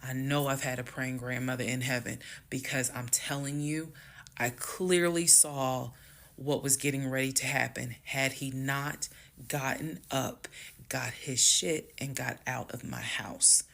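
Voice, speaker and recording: Woman with a gravelly, creaky voice for a storytime vlog; casual, speaks straight to viewers, heated and emphatic. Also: a bass voice, fairly even intonation. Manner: emphatic, swings loud and fast when heated; addresses viewers as "y'all". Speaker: storyteller recounting her marriage.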